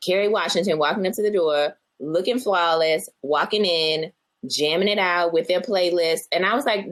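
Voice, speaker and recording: A woman's voice: on the low side, normal speed. A woman co-hosting a casual podcast chat, telling stories and acting out her own thoughts in quotes. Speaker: podcast co-host.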